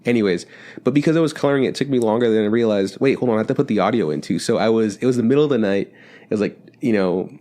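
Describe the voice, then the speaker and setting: A man's voice: lowish voice, rapid-fire, dark tone. A young man co-hosting a podcast, telling a rambling story with lots of swearing and restarts. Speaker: podcast co-host. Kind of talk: casual chat. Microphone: studio mic.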